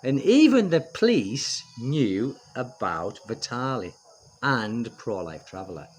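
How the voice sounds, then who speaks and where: A middle-aged man with a British accent talks loosely to his viewers, his pitch rising and dipping a lot. He rambles and restarts often and leans on fillers. His voice sits mid-low for a man. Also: sing-song, takes it slowly, husky. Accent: British English. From United Kingdom. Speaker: expat vlogger. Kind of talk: casual chat to camera.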